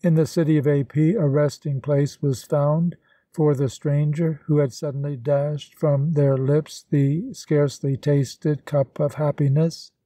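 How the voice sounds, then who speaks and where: A man narrating a classic novel as an audiobook, with a steady, even reading and a close mic. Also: on the high side, unhurried, dry recording. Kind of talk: scripted narration.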